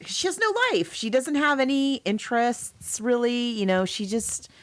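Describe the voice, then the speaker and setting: A woman co-hosting a casual podcast, talking in an animated and wry way with sarcastic asides. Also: a little high, moderate pace. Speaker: podcast co-host. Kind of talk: casual book-versus-movie chat.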